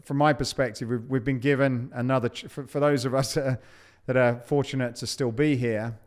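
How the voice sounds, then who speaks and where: Smooth-voiced man musing, halting. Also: medium pitch, steady tone. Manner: halting, repeats words. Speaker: podcast host. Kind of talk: reflective podcast monologue.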